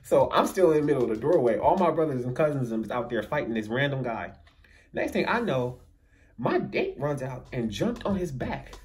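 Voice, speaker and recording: A man telling a funny story in a storytime vlog, animated and acting out the voices of the people in it. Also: medium pitch, moderate pace.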